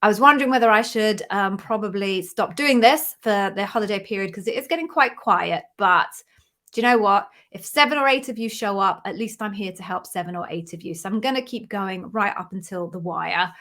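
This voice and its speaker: A woman's voice: mid-range voice, a little fast, pushed and bright. A woman from the UK hosting a live Q&A stream, chatty and bubbly, greeting viewers by name in a casual way. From United Kingdom. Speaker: interview coach hosting a live Q&A. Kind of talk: casual livestream chat.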